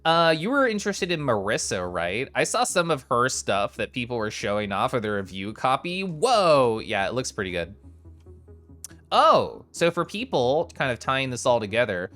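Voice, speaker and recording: A male streamer talks casually to his live audience. His voice swings up and down with lively energy and breaks into excited little exclamations, while soft music plays faintly underneath. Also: mid-range voice, moderate pace. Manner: chatty and bubbly, with excited exclamations. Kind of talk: casual stream chat, reading and answering chat.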